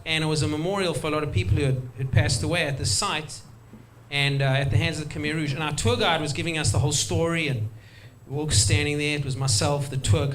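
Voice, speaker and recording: A man's voice: on the high side, fairly bright tone, slight background noise. A man doing a chatty stand-up set, often laughing at his own jokes. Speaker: stand-up comedian. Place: stage at a live comedy show.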